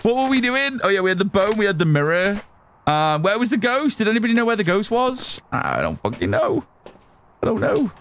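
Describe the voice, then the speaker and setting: A man's voice: high-pitched, huge pitch swings, fairly quick, a bit bright, slight background noise. A man streaming live, chatting casually with lots of restarts and swearing. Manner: rambling, swears freely, many restarts. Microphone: studio mic through an audio mixer.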